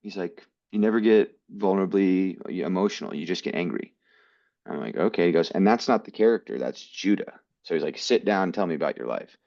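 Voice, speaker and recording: Deep deep voice american guy telling his story in an interview, kinda dull audio. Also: very animated, a little fast, creaky, darkish tone, no room sound. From United States. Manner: earnest, quotes people in his stories. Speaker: guest actor.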